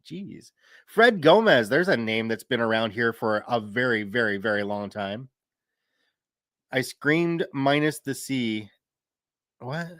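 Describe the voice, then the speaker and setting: A man's voice: mid-range voice, expressive, takes it slowly, long pauses, a bit bright, dry recording, clean studio sound. A man in his thirties chatting casually on a live stream, reading viewer comments aloud and laughing easily. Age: 30s. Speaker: streamer and story reader.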